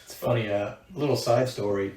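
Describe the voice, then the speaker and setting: A man's voice: on the low side, normal speed, darkish tone. A man, a podcast co-host, chatting casually and teasing his friend with short remarks. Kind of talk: casual chat. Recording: echoey, distant mic, faint hiss.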